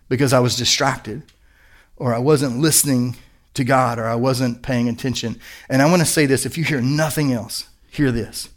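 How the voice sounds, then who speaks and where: A man's voice: medium pitch, fairly bright tone. A middle-aged male pastor preaching a sermon in an earnest, conversational storytelling manner.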